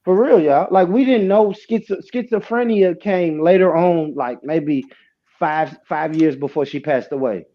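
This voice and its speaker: An adult man hosting a casual livestream panel, telling stories in an animated way, laughing and swearing often. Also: fairly high pitch, a little slow, muffled recording. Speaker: host.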